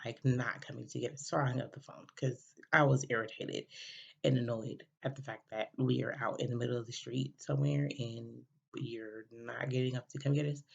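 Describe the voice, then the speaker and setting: A woman's voice: a bass voice, vocal fry, slightly rough. A woman hosting a podcast, telling a personal story in a rambling casual way, full of fillers and restarts. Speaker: podcast host. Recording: dull lo-fi recording.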